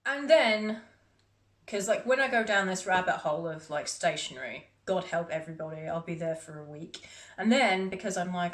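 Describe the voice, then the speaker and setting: A woman's voice: lowish voice, moderate pace. A woman vlogging about her recent purchases in a chatty, self-mocking, rambling way. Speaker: beauty vlogger. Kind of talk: casual haul chat to camera. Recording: echoey room with faint noise.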